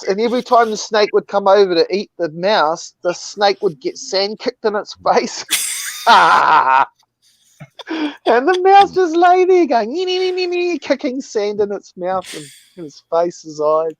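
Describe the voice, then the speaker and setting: Rambling, animated man in casual chat. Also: sits high, no room sound, dull audio.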